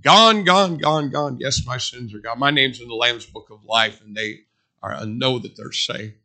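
A man delivers a sermon loosely and conversationally, wandering into stories and driving his points home by repeating them. His voice is bright and forceful at an ordinary middle pitch for a man, with a steady tone and a normal speed.

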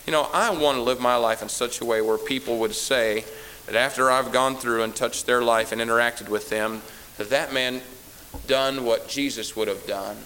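A man's voice: medium pitch, steady tone, normal speed, sharp tone, slight background noise, poor audio. A male pastor preaching a sermon to a church congregation. He sounds tired, drives points home by repeating phrases, and has a teasing, sarcastic edge.

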